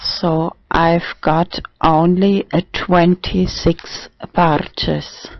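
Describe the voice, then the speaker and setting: A trans man talking haltingly in a casual video diary, with many restarts and fillers. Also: a little high, flat delivery, vocal fry, no echo. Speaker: vlogger. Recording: dull dry lo-fi recording.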